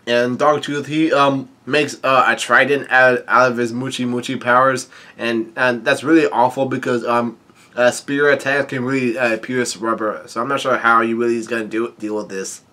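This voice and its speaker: A man casually narrating a comic chapter as a vlogger, halting and full of fillers and restarts. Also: mid-range voice, steady tone, sharp tone. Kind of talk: casual read-through narration.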